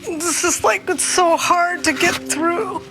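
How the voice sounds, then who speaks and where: A woman near tears, giving halting, emotional testimony in an interview about her family. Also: extremely high pitch. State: tearful, near crying. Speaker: mother recounting an ordeal. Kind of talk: documentary interview. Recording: soft music underneath.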